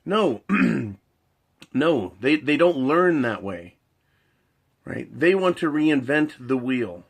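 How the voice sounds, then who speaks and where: A man's voice: medium pitch, big pitch swings, slow pace, vocal fry, husky. A man ranting in a monologue. He swears a lot, repeats his points, builds long analogies and keeps asking "right?". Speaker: commentator.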